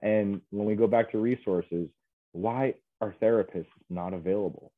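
A man with a very deep voice talks as an interview guest, earnest and halting. His voice comes through a tinny, phone-like line with a dry, close sound. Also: no room sound. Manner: earnest, halting, many fillers. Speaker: guest, mental health specialist. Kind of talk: casual interview chat.

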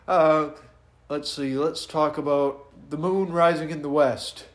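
A slightly high-voiced man in a roomy, echoey space. He cuts in with short, dry, sceptical remarks and questions during a casual podcast chat. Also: fairly even intonation, a little slow. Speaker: podcast co-host.

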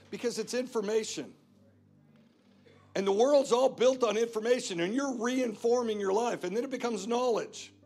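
A man's voice: very high voice, darkish tone, slightly rough. A man preaching a sermon as guest pastor, emphatic and repetitive, driving points home again and again. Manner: emphatic preaching with repeated phrases. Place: church.

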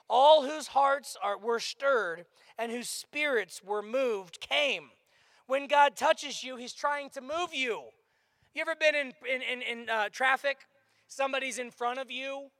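A male pastor preaching a lively sermon, sometimes shouting out acted-out lines. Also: very high-pitched, dry recording.

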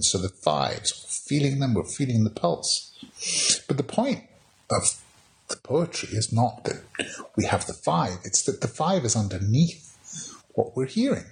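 A man's voice: medium pitch, sing-song, a little slow. A man teaching a casual poetry lesson, chatty and wry, with many restarts as he reads verse aloud. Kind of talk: informal spoken lesson on poetry.

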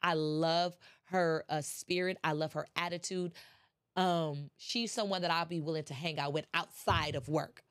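A woman's voice: deep voice, steady tone, moderate pace. Congested chatty woman host. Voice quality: congested, nasal. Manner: chatty, rises to impassioned preaching. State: stuffy with allergies. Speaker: podcast host. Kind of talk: casual motivational talk.

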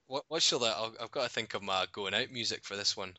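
This is a Scottish man in his twenties trading jokes on a podcast and laughing often at his own expense. His voice is very bright, and it sits dry and close. The recording is a little dull, as if lo-fi. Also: lowish voice, moderate pace, dry recording. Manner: laughs often, self-mocking. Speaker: podcast co-host. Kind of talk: casual banter.

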